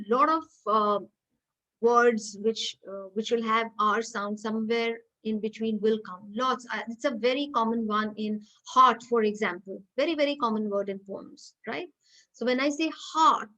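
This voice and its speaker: A woman's voice: on the high side, a bit bright, rough recording. A woman giving an online phonetics lecture over a video call, patiently coaxing students to repeat words.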